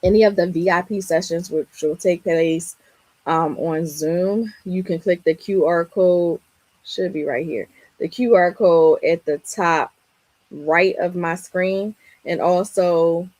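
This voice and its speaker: A woman hosting a casual livestream, her voice strained and raspy, greeting viewers by name in an upbeat, chatty way. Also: lowish voice, a little slow, a little mellow, dry recording, rough recording. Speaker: livestream host and Canva teacher.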